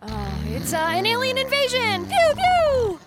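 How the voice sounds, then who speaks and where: A goofy, drowsy woman in a radio ad wakes her partner in a playful, sing-song way. The voice is extremely high and swoops wildly, and she drawls slowly. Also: wildly swooping pitch, heavy background noise, heavily acted. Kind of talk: radio ad acting.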